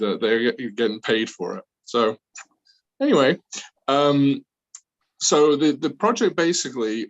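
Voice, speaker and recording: A man's voice: medium pitch, low-quality recording. A man with a Northern English accent, introducing a public speaking class in a rambling, chatty way with self-deprecating asides. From north of England.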